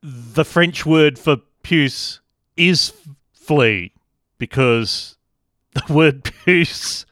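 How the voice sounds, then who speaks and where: A man's voice: on the high side, drawn-out words, a bit bright, dry recording, clean studio sound. A man with an Australian accent hosting a podcast, chatting casually in a wry, joking manner. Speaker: podcast host. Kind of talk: casual chat.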